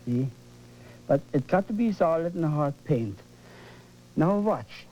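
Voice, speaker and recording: A painting instructor gives a live demonstration, his slightly high voice slow, warm and expressive as he coaxes viewers along with fervent, often repeated words. The broadcast recording is dull and lo-fi, with a faint hiss or hum.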